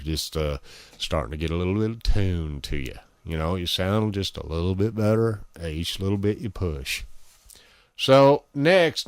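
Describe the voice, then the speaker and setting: Speaking close to a studio microphone with no echo, a ham radio operator with a fairly low voice shows off his equipment. His manner is folksy, crude and full of bragging.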